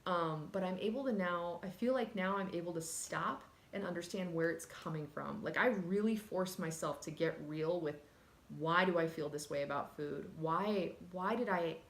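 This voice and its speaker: A woman's voice: fairly low pitch, normal speed. A woman talking candidly and earnestly in a personal vlog, emotional at times and casual with fillers. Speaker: vlogger. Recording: echoey room.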